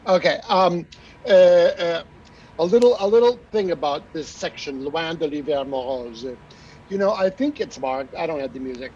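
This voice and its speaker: After a singer's aria, this opera coach on a master class panel chats at a moderate pace, using lots of fillers and singing brief phrases to show what he means. His voice is high-ish, animated and darkish, captured in a dull lo-fi recording with a bit of hiss or hum.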